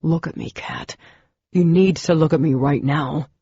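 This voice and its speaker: An intense, weary young man, voiced by a woman reader, pressing his point low and urgently. The voice is gravelly, dark and very husky. It sounds like a slightly dull, dry audiobook recording. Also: unhurried, no echo, full character voice.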